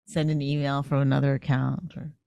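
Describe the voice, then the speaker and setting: A woman co-hosting a podcast in casual chat, talking quickly and jokingly and laughing often, on a close mic. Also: very deep voice, little pitch movement, creaky, mellow, no room sound, dull audio. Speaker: podcast co-host.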